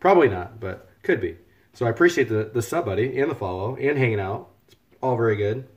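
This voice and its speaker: A cooking livestreamer in his home kitchen chats animatedly and fairly quickly in an ordinary medium-pitched voice, with the highs cut off in the audio. His loose, cheerful talk includes jokes and thanks to viewers by name.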